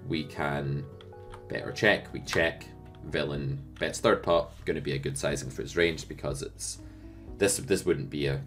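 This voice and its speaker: A man teaching poker strategy, explaining in a lively way and asking the viewer rhetorical questions. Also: a bass voice. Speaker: poker coach.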